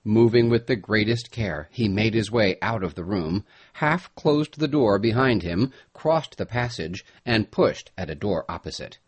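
Man, audiobook narration, husky, lively pitch, measured storytelling.

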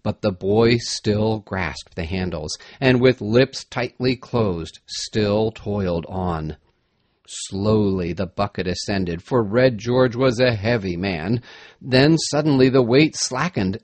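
A man reading an adventure story aloud in an expressive, dramatic manner. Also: on the low side, slow, no room sound. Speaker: narrator. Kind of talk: storybook narration.

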